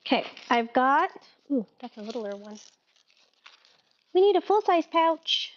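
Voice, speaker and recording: A woman's voice: high-pitched, sing-song, a little slow, highs cut off, slight background noise. A woman hosting a casual live-stream sale, chatty and giggly, often laughing at herself.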